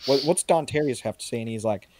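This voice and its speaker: Over a video call, a male podcast co-host rambles through a casual chat and swears freely. He has a medium-pitched, slightly mellow voice and talks fast, with a bit of hiss or hum in the audio.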